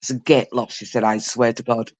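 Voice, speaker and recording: A man with an average-pitched voice chats casually and jokes around. He tells quick anecdotes in a lively, offhand way. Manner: chatty, jokey, quick anecdotes. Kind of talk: casual chat.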